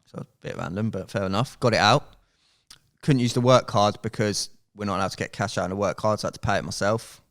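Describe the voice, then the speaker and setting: A man in a relaxed podcast chat, with a fairly low voice. He tells his story in an animated way and swears freely. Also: fast. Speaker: podcast guest. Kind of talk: casual storytelling.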